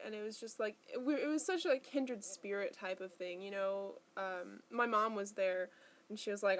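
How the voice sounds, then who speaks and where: A woman's voice: medium pitch, moderate pace. Young woman vlogger, chatty and rambling, sounds worn out from pain, mid-range voice. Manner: chatty, rambling, heavy filler use. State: in pain, tired. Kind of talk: casual personal vlog.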